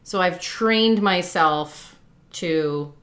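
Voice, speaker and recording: A woman from South Jersey with a South Jersey accent, co-hosting a casual livestream chat and getting loud when she rants. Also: lowish voice, extremely slow. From South Jersey, USA. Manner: gets loud and fired up when ranting. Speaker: livestream co-host.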